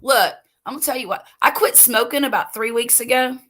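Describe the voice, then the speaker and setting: An older woman from the US Gulf Coast hosts a late-night livestream from home, chatting slowly and rambling, laughing easily as she reads viewer comments. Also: on the high side, fairly bright tone. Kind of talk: casual chat reading viewer comments.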